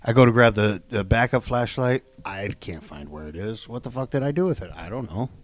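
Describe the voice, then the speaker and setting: A man's voice: on the low side, expressive, brisk, no room sound. A man co-hosting a podcast, trading jokes and crude banter in casual chat. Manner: joking, profane banter. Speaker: podcast co-host.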